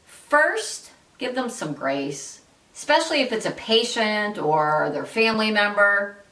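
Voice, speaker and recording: A woman's voice: mid-range voice, big pitch swings, a little slow, pushed and bright, far from the mic. A woman hosting an instructional talk, coaching listeners directly and giving them example phrases to say. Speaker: host and workplace-civility coach. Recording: echoey room, voice a bit off-mic.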